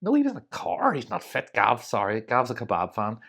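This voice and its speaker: A woman's voice: a bass voice, huge pitch swings, a little fast, vocal fry, a bit bright, breathy edge. A woman co-hosting a podcast, telling stories in a chatty way with many asides. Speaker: podcast co-host. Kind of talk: casual chat.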